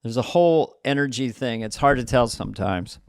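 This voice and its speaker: Smooth-voiced man musing in a dry room. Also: mid-range voice, lively intonation, brisk, dry recording. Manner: musing, short affirmations. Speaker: podcast co-host. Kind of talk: casual chat.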